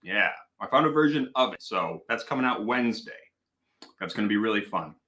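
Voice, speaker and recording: Hosting a casual live stream from home, a man chats into a desk microphone in a bright voice whose pitch moves all over. Animated and brisk, he rambles playfully and tells stories in a mock-serious way.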